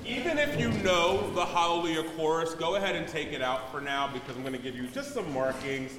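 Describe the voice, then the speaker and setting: A man's voice: fairly high pitch, background noise. A man leading a choir rehearsal, giving directive corrections to the singers. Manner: directive, gives quick corrections. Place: large rehearsal hall. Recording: echoey hall from far off, loud choir and piano.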